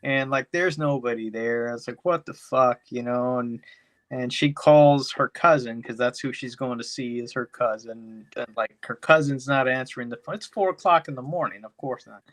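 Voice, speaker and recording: Guy on a podcast rambling thru a movie plot, cursing a lot, mid-pitched voice. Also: moderate pace. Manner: rambling, profane, heavy on "you know". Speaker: podcast co-host. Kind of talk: casual chat, movie recap.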